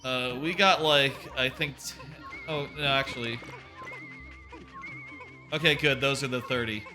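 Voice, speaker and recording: A man's voice: medium pitch, measured pace, soft background music. A man streaming a video game, chatting casually in a rambling way with lots of fillers and swearing, sometimes acting out quotes. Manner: rambling, swears, many fillers, animated quoting. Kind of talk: casual gameplay commentary.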